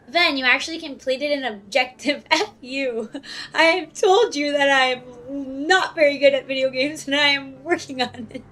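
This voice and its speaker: A woman's voice: high voice, normal speed, sharp tone, a little hiss or hum. A young woman streamer giving casual, chatty, giggly commentary while playing a video game at home on a desk mic. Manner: chatty, giggly, self-mocking. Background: game music.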